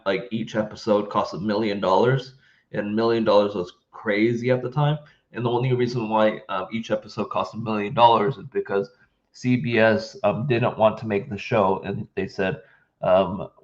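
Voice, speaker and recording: A man's voice: on the low side, lo-fi sound. A man hosting a reaction video, talking casually and hesitantly with frequent ums and restarts. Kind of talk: casual commentary.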